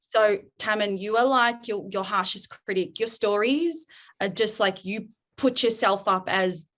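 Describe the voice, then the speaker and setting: A woman parenting coach talking frankly on a podcast, lively and quick to act out the voices she quotes. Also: medium pitch. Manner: frank, swears casually. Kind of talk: podcast interview chat.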